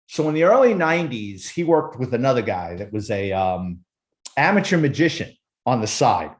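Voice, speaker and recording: Profane former cop spinning stories, roomy sound. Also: male voice, mid-range voice, normal speed. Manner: profane, animated storyteller. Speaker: former police officer, guest. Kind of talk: casual storytelling.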